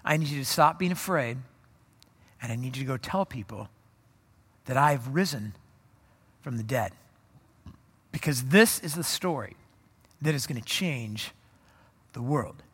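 A man voicing Jesus as a calm, solemn man who speaks low, hushed and slow, as part of a sermon. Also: breathy edge. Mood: solemn urging. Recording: long reverb of a large hall.

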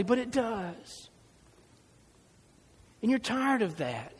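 A man's voice: extremely high pitch, lively intonation, unhurried, long pauses, big-room sound. A man preaching a sermon as pastor, conversational, with humorous asides and stories.

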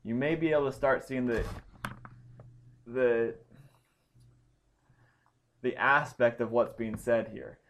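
A man's voice: mid-range voice, slow pace, pauses often, fairly bright tone. A man teaching a Bible study lesson, explaining Greek grammar step by step with frequent ums and restarts.

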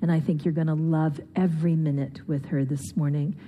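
A woman pastor gently introducing a guest speaker to her church. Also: low-pitched, steady tone, a little fast.

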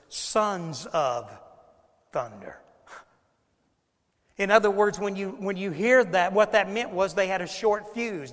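High-voiced preacher in a reverberant hall. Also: male voice, a bit bright. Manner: conversational, emphatic, repeats phrases, addresses the congregation directly. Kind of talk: sermon.

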